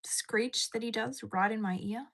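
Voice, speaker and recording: A woman's voice: on the high side, normal speed, fairly bright tone. A young adult Australian woman from Queensland chatting casually on a livestream, laughing often and talking to her pet bird. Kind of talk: casual livestream chat reading comments.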